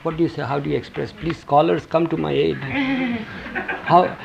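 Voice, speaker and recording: A man's voice: on the high side, big pitch swings, unhurried, creaky. A man giving an informal talk to a group, telling stories, quoting his teacher and putting questions to the listeners. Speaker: speaker recounting a spiritual teacher's words. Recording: dull lo-fi tape with faint hiss.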